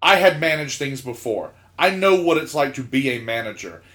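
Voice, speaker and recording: A man's voice: medium pitch, moderate pace. A man from South Georgia, a podcast co-host, telling a story in casual chat, laughing as he talks and acting out the lines of people in it. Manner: animated, laughs mid-sentence, acts out quotes.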